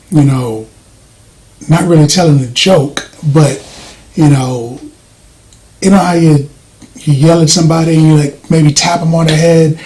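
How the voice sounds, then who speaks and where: Soft-spoken man, slightly high voice. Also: low-quality recording. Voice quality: voice does not carry, soft-spoken. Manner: rambling, hesitant, frequent fillers and restarts. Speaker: movie reviewer. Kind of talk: casual spoken review.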